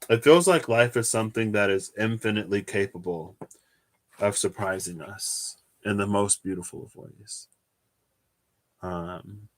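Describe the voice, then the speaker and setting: A young man with a slightly low voice talks his way through a tarot reading. He sounds tired and muses aloud, drifting between thoughts and sighing between them. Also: unhurried. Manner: musing, chatty, drifts into laughs and sighs. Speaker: tarot reader. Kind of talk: casual solo tarot livestream.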